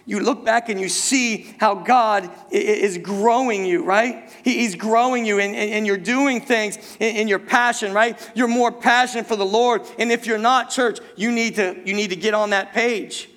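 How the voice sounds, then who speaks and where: A male pastor delivers a sermon in a church, his voice sitting high for a man. He keeps turning to the congregation with rhetorical questions and restarts his phrases as he goes. A long hall reverb trails every line. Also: steady tone, moderate pace, few pauses, fairly bright tone. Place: church sanctuary.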